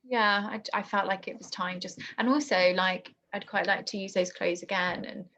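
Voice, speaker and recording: A young woman telling a painful personal story in conversation, halting and emotional with many restarts. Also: mid-range voice, steady tone, a bit bright. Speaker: guest. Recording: dull lo-fi podcast audio.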